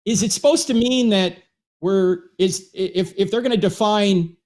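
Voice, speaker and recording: A man from New Jersey with a fairly high voice hosts a casual talk. He is wry and inquisitive, and quick with self-deprecating humor as he puts questions to his guest. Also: a little mellow. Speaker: show host. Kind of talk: casual conversation.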